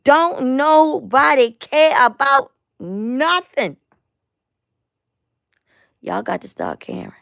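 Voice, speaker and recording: Tired woman ranting, gravelly voice. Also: high voice, animated, slow pace, long pauses, a bit bright, dry recording, studio quality. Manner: emphatic, repetitive, stumbling restarts. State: tired, voice going hoarse. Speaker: host of a live online show. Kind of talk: impassioned live rant to viewers.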